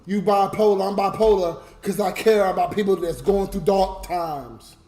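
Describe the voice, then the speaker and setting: High-voiced drunk man ranting on stream. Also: moderate pace, dark tone. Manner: emotional, rambling rant. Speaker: livestreamer. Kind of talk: late-night livestream chat. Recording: roomy with music behind. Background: music.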